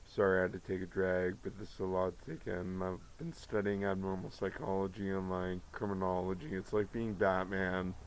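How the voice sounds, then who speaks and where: A man's voice: low voice, flat delivery, normal speed, few pauses, a little hiss or hum, poor audio. A man talking to his viewers in a rambling monologue, profane and jumping from one topic to the next. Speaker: vlogger.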